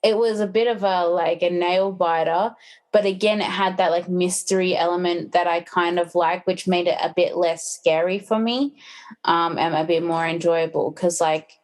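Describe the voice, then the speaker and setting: A woman's voice: fairly low pitch, fairly even intonation, normal speed, darkish tone. A woman chats loosely on a podcast. She keeps retelling stories, filling gaps with little fillers as she goes. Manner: chatty, lots of fillers, retells plots. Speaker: podcast guest. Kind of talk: casual chat.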